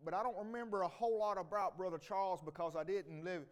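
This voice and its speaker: A man's voice: sits high, fairly even intonation, fast. A middle-aged man giving a rambling, folksy homecoming testimony to a church congregation. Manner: folksy, rambling, with many restarts. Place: church sanctuary.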